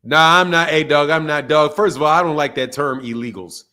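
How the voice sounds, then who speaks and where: A man hosting a boxing channel, delivering a loud, profane, fired-up rant in casual stream talk, laughing between points. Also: a little high, fairly quick.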